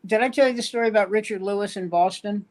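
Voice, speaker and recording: An older man from New York, a veteran standup comedian appearing as a guest, tells wry, rambling anecdotes in a casual chat. His voice is high-pitched and darkish in tone, and he talks fast.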